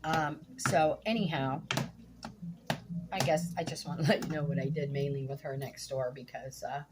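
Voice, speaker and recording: A woman's voice: sits low, steady tone, moderate pace, noisy background. A middle-aged woman vlogging casually at home while cooking, telling a story bluntly and indignantly, swearing freely.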